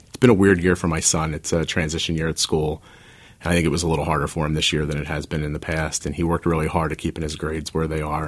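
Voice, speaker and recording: A stay-at-home dad and author in his forties, with a bass voice, appears as an interview guest. He tells personal stories candidly and ramblingly, tossing in self-deprecating asides.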